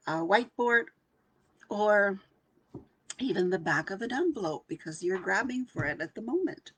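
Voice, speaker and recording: An older woman who works as an intuitive channeler, hosting a live session and leading a calm, soft guided meditation talk in which she half whispers some lines. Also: lowish voice.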